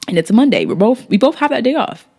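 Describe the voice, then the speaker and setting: Fast-talking young woman telling a story. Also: a little high, very animated, darkish tone. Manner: blunt, candid, swears freely; slangy casual speech. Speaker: vlogger. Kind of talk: casual storytime.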